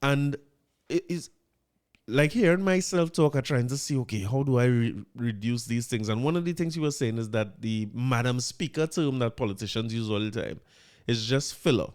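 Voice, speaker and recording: A man's voice: mid-range voice, moderate pace, a little mellow. A Trinidadian man hosting his own podcast, talking loosely in a mid-range voice. He sounds disbelieving, laughs through his points and stumbles over repeated words when worked up. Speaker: podcast host. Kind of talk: casual commentary.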